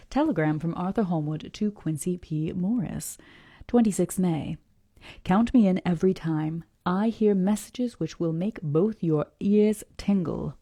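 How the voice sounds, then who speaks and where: A book club livestream host with a low-ish voice reads a classic novel aloud, occasionally fumbling names. She murmurs whispered asides, jokes at her own expense, and chats directly with viewers, all in clean studio sound with no echo.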